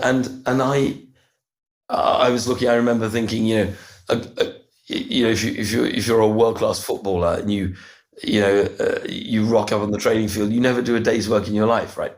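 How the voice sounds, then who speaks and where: A middle-aged man with a lowish voice tells a personal story in an earnest, halting way. He often circles back with repeated words and restarts as he gathers his thoughts. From United Kingdom. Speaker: podcast guest. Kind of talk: reflective storytelling interview.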